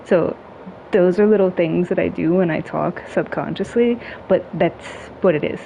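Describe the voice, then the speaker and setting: A woman in a casual chat, talking in a relaxed, chatty way with many "like"s and little humming sounds. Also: lowish voice, moderate pace, vocal fry. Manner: relaxed, chatty, heavy use of "like" and hums; playful with tone, acting out little sounds. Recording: dull lo-fi sound with faint noise.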